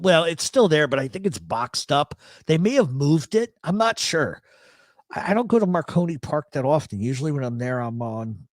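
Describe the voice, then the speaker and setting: A radio host with a medium-pitched voice reads chat comments on a casual live talk show, rambling bluntly, swearing often, and repeating himself in emphatic agreement. The recording is dry and studio quality.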